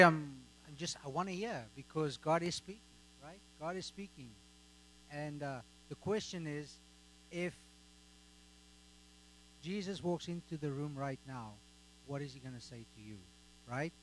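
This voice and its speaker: A male pastor speaks to his congregation and invites them to share what God is telling them. He talks in an encouraging way and keeps checking in with his listeners. His voice is at a middle pitch for a man. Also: a little hiss or hum, low-quality recording. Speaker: pastor leading the service. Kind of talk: sermon.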